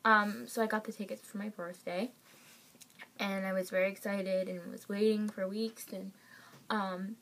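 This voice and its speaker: A young woman telling a story to the camera at home, excited and gushing, with lots of fillers. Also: medium pitch, moderate pace. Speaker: vlogger.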